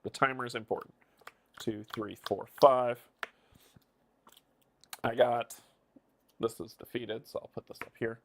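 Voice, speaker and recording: A man's voice: medium pitch, steady tone, measured pace, vocal fry, long pauses, slight background noise. A man streaming live, casually thinking aloud and counting his moves as he plays a board game. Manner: muses and counts moves under his breath.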